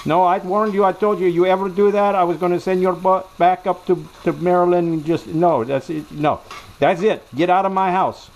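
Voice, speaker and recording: A man voicing an angry Cajun wife who is scolding her husband in a shrill, emphatic tone. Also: fairly even intonation, normal speed, hardly any pauses, a little mellow, highs cut off, lightly acted. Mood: scolding, furious.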